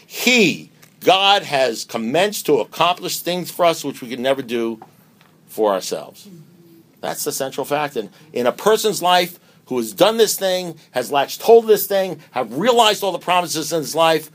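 A man's voice: on the high side, very animated, measured pace. Emphatic man preaching at a recovery meeting. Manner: emphatic, preacher-like, full of rhetorical questions; wide swings between loud and hushed delivery. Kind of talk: speaker talk at a recovery meeting.

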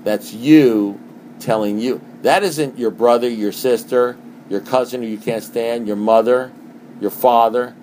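A middle-aged man gives a talk at a recovery meeting, speaking in an animated, repetitive way and asking his listeners rhetorical questions. His voice is medium-pitched and unhurried, with a little hiss or hum in the recording.

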